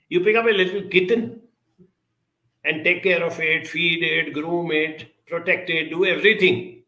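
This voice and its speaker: A man answering audience questions in a reflective advice talk, speaking in a measured, deliberate way with frequent pauses. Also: fairly high pitch, bright, forceful tone, reverberant, rough recording.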